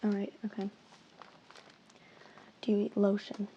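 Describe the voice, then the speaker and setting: A woman ASMR creator in a playful, teasing whispered role-play, mixing soft whispers with mock-stern asides. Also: mid-range voice, completely flat delivery, unhurried, dull audio, slight background noise.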